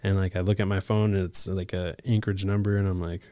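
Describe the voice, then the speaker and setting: A man from Alaska, a case manager, telling his recovery story in a relaxed, casual way, full of "like" and "bro" and quick laughs. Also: low-pitched, dry recording, clean studio sound. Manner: laid-back, lots of "like" and "bro", laughs often. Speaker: podcast guest, case manager.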